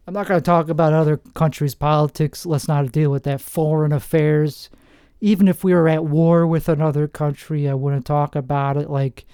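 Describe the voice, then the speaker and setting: A man in his forties from New Jersey, hosting a rambling comedic monologue with deadpan, self-mocking asides. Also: a little high, clear, resonant tone, dry recording, studio quality. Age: 40s. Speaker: comedian host.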